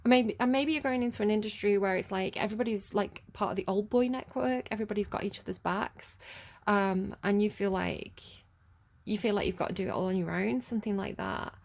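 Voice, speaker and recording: A woman's voice: medium pitch, brisk, creaky, darkish tone. Rambling English woman reading tarot. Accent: Southern English. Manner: rambling, many fillers and restarts, laughs at herself. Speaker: tarot reader. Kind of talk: casual spoken tarot reading.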